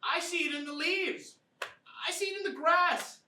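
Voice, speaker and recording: A woman's voice: extremely high pitch, normal speed, bright, forceful tone, slight background noise. A woman playing a twitchy young man who rambles and blurts to his therapist in a comedy sketch. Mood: rattled. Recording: roomy, distant mic.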